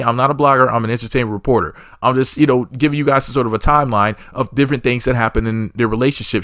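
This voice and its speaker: Brief: male entertainment reporter, medium pitch, dry sound, sarcastic gossip rambles full of fake disclaimers. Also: fairly bright tone, dry recording. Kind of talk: gossip commentary.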